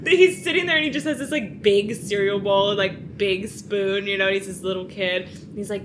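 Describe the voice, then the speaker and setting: A woman's voice: medium pitch, brisk, hardly any pauses, heavy background noise. A woman co-hosting a podcast in casual chat, talking loosely with lots of "like" and laughing easily. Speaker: podcast co-host.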